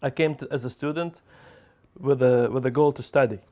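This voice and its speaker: A man from Lithuania answering interview questions hesitantly, with frequent pauses and fillers. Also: medium pitch, fairly even intonation, darkish tone.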